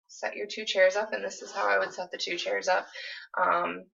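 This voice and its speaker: A woman's voice: medium pitch, creaky, fairly bright tone. A woman explaining and demonstrating a therapy technique in a small apartment, speaking hesitantly with many fillers. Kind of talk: instructional explanation with role-play. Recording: distant, dull lo-fi recording.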